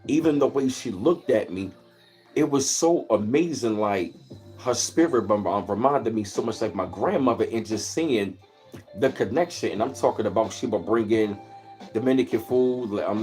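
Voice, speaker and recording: A man with a fairly low, darkish voice hosts a casual livestream from his Maryland home. He tells meandering, easygoing stories and greets viewers along the way.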